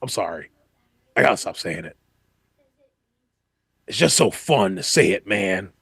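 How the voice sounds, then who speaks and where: Man doing a gravelly aging wrestling star impression, rambling, boastful, drawling, dry close mic. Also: lowish voice, expressive, measured pace, a bit bright, no echo, heavily acted. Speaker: podcast co-host. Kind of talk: comedic impression on a podcast.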